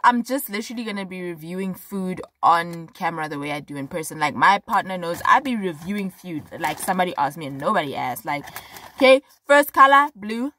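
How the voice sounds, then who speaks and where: A woman's voice: lowish voice, lively intonation, brisk, sharp tone. A young South African woman vlogging, talking frankly and chattily to her viewers with lots of fillers and emphatic repeats. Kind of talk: casual talk to camera.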